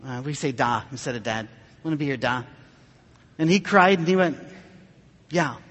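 High-voiced pastor telling a story. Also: male voice, lively intonation, fairly bright tone, in a large hall, muffled recording. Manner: earnest, conversational storytelling with emotional pauses. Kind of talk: sermon storytelling.

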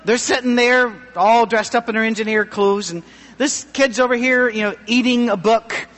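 A middle-aged man pastor giving a humorous, self-deprecating sermon with a thin, high voice. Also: fairly even intonation, normal speed, a bit bright, big-room sound.

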